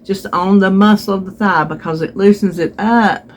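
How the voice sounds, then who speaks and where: A woman's voice: mid-range voice, steady tone, moderate pace, a little hiss or hum. A woman chatting to her viewers, retelling a therapy visit with voiced quotes, recorded at home on a phone. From North Carolina. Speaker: vlogger. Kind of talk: casual storytelling to viewers.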